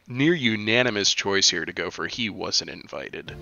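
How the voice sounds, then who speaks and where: Streamer guy, slow and gravelly, sarcastic jokes, dull lo-fi mic. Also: lowish voice, expressive, bright, forceful tone. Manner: joking, sarcastic, laughs often. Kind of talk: gameplay commentary.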